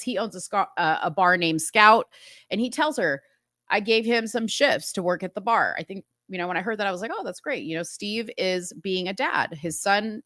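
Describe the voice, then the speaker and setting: On her relaxed talk show, the host lively retells a TV episode, voicing the characters with pitch that climbs as she performs their lines. The studio sound is clean, with no echo.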